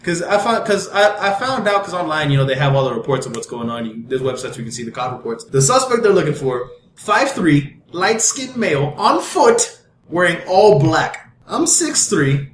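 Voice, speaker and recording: A man's voice: a little high, a little fast, reverberant, a little hiss or hum. A young man co-hosting a podcast, telling a story casually with lots of swearing and acting out the other people in it. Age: young adult. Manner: animated, profane, acts out voices of others in his story. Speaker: podcast co-host. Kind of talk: casual storytelling among friends.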